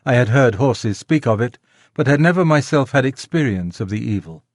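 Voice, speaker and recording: A man narrating a classic children's novel in a measured, gentle storytelling manner. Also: mid-range voice, animated, no echo, clean studio sound. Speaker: audiobook narrator. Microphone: close studio mic, dry.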